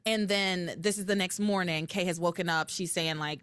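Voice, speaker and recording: A woman co-hosting a podcast, recapping episodes in animated casual chat and acting out quoted lines. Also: lowish voice, normal speed, hardly any pauses, clear, resonant tone, dry recording. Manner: animated, recounting with quoted voices. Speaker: podcast co-host.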